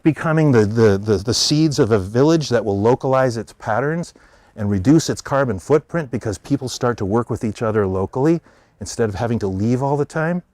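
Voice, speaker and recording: American man, lively public speaker, mid pitch, dry close sound. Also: no room sound. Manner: animated storyteller, voicing characters in quotes. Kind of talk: public talk.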